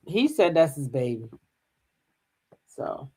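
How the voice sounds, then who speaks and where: A woman hosting a gossip channel, talking casually, humming fillers and reading news aloud. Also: low-pitched. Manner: chatty, drawn-out filler hums, reads news aloud. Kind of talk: casual commentary.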